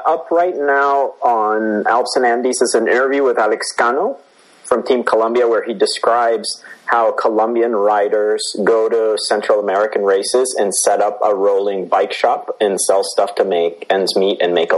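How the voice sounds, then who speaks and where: A man's voice: lowish voice, fairly even intonation, normal speed, poor audio. A man co-hosting a casual podcast chat who teases the others and jokes around. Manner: teasing, joking. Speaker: podcast co-host.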